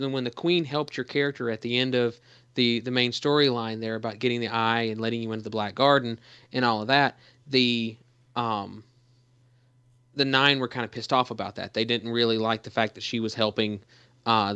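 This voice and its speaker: A man's voice: medium pitch, fairly bright tone, clean tone, dry recording. A man co-hosting a gaming podcast, talking in a rambling casual way with lots of fillers and restarts. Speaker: podcast co-host.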